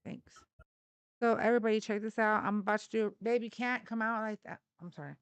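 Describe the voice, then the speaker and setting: A woman talking casually to her livestream audience, rambling from one thing to the next. Her voice is smooth and resonant, and the sound is close and dry with no room echo. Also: on the high side, steady tone, brisk, highs cut off. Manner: chatty, rambling, addresses viewers as y'all. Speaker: livestream host.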